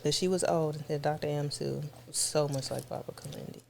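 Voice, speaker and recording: Guest woman, low-pitched, gushing, repeats herself for emphasis. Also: steady tone, brisk, vocal fry, a little mellow, slight background noise. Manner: effusive, repeats words for emphasis. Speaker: guest describing her experience. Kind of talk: casual conversation.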